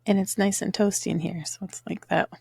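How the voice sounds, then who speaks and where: A woman's voice: medium pitch, steady tone, brisk, gravelly, a little mellow, husky, no echo, studio quality. A woman co-hosting a casual podcast, a bit stuffy-nosed, mostly reacting and asking short questions. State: stuffy nose. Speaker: podcast co-host.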